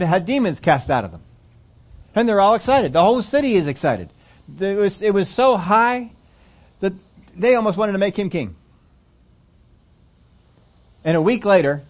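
A man's voice: high voice, highs cut off. A man preaching a sermon to his church, reading scripture aloud and breaking off into rambling asides. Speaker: pastor.

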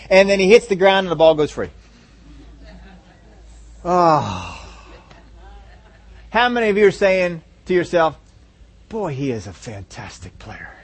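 A man preaching a sermon, animated, repeating phrases for emphasis and acting out a crowd's reactions. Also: high voice. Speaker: pastor.

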